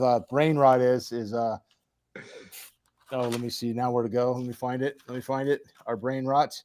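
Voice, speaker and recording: A man hosting a casual podcast who rambles along, restarting sentences and padding them with fillers. His delivery is relaxed and unscripted. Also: medium pitch. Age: parent of children. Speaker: podcast host. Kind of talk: casual chat.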